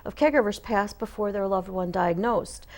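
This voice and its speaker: A woman's voice: medium pitch, normal speed, a little mellow. Earnest woman guest on a talk show. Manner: earnest and emphatic, stresses key points. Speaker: guest, association representative. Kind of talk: casual interview.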